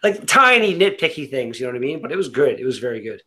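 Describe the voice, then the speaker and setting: A man's voice: medium pitch, very animated, fast, pushed and bright. A man in casual chat, rambling with lots of fillers and swearing.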